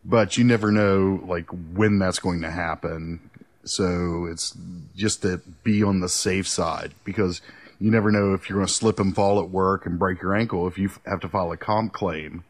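A middle-aged man with a fairly low voice trades crude jokes in loose podcast banter. He rambles, restarts his sentences and stumbles over his words as he goes. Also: steady tone, normal speed. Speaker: podcast co-host. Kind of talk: casual banter.

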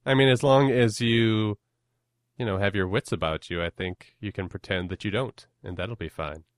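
A man's voice: fairly low pitch, normal speed, no echo, studio quality. A man hosting a podcast in casual chat, joking and poking fun at himself. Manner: joking, self-deprecating banter. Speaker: podcast host.

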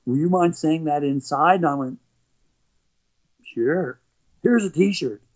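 A man's voice: on the high side, slow. A middle-aged Canadian man telling rambling stories as an interview guest, with frequent restarts. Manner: rambling, animated anecdotes with frequent restarts and laughs. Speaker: guest, motivational speaker and former athlete. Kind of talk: conversational storytelling. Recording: dull lo-fi recording.

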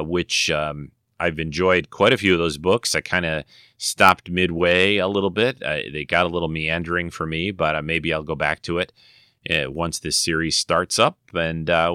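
A man's voice: extremely low pitch, pushed and bright, smooth, no echo, studio quality. A man hosting his own podcast, chatting casually and rambling with many fillers and self-corrections. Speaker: podcast host. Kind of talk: casual chat.

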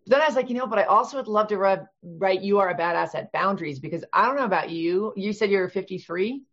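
A woman in her fifties, an author guest chatting casually in an interview, talkative and quick to laugh, with many restarts. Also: mid-range voice, expressive, highs cut off. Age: 50s.

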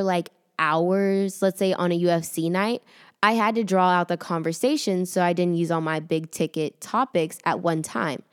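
Brief: sassy, foul-mouthed woman storyteller, lowish voice, dry close sound. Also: dry recording. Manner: brash, sassy and profane. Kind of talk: casual storytelling monologue.

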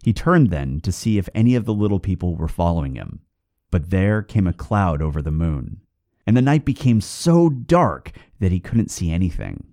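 A man hosting a podcast, reading a folk tale aloud with expressive storytelling. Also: sits low, no echo, studio quality.

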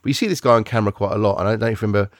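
A man's voice: lowish voice, rapid-fire, no room sound, clean studio sound. A man hosting a podcast, reviewing films in casual, rambling chat, often restarting and searching for words.

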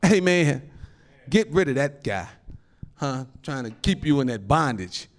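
Animated preaching man, lively pitch. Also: unhurried. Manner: animated preaching with laughs and call-outs to the congregation; folksy informal phrasing. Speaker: pastor. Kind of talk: sermon.

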